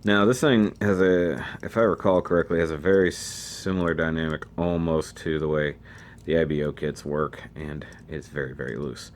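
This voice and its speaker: A man's voice: extremely low pitch, fairly even intonation, moderate pace, slight background noise. A man giving a casual model kit review, chatty and thinking aloud as he handles the pieces.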